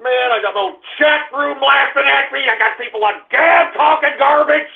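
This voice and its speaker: A man's voice: very high-pitched, normal speed, creaky. Exasperated ranting male radio host. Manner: ranting, swings between groaning and shouting. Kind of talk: exasperated live call-in banter. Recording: tinny phone-line sound.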